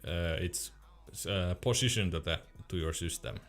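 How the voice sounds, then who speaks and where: A man's voice: sits low, moderate pace, fairly bright tone. A young man streaming casually, reading chat questions aloud in a laid-back way and laughing often.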